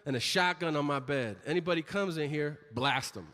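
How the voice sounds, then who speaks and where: A man's voice: on the high side, lively intonation, fairly quick, sharp tone, long reverb tail. Laid-back shady weed dealer, as a comic man puts him on. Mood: offhand. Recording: live audience noise.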